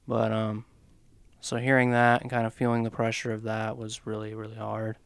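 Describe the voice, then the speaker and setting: A man telling his own story candidly, hesitant and reflective, often pausing on fillers. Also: fairly low pitch, monotone, gravelly, clear, resonant tone, no echo. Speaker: podcast co-host, father sharing his story.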